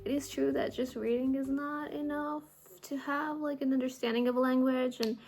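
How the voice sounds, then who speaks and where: A woman's voice: high voice, fairly even intonation, normal speed, darkish tone. Chatty young woman with a mixed accent. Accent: mixed, partly Indian. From India. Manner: chatty, laughs often. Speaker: vlogger. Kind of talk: casual late-night chat.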